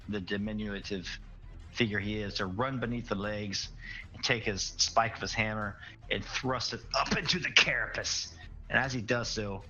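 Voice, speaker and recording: Brief: slow-talking, gravelly tabletop player, bright tone, rambling, dull lo-fi sound. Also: male voice, fairly low pitch. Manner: rambling, many restarts. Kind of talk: casual in-character narration of actions. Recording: dull lo-fi recording.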